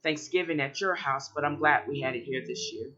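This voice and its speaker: A polite, cheerful young woman, read by a man in his own voice, eager and sweet. The tone is bright. The recording is dull and lo-fi. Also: on the high side, brisk.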